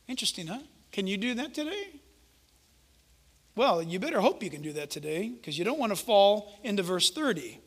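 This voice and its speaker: A male preacher giving an animated, conversational sermon and acting out the quotes he tells. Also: sits high, a little fast. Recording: echoey hall reverb.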